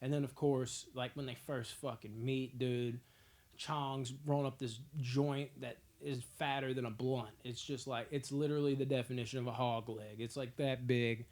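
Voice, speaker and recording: A young man hosting a movie podcast, ranking films in a casual, profane, excitable way. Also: medium pitch, moderate pace. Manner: profane, excitable storytelling with frequent laughs.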